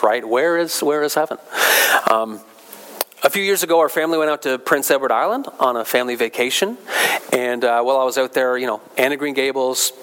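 A man's voice: mid-range voice, a bit bright, poor audio. A male pastor giving a conversational sermon, repeating key phrases for emphasis.

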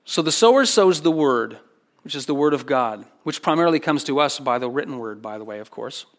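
A man's voice: medium pitch, lively intonation, fairly quick. A man preaching a sermon as a pastor, earnest and emphatic, often repeating phrases for weight.

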